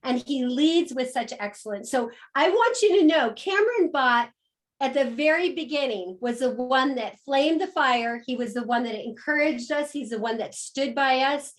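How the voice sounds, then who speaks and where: High-voiced woman hosting a call. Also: animated, normal speed. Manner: emphatic, heartfelt, repeats phrases for emphasis. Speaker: host. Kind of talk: enthusiastic introduction on a call.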